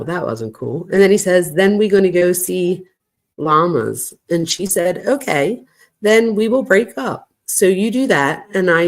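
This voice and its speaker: A woman with a lowish voice reads a string of text messages aloud on her true crime channel. Her pitch rises and falls widely as she stops to react with gasps and shocked asides.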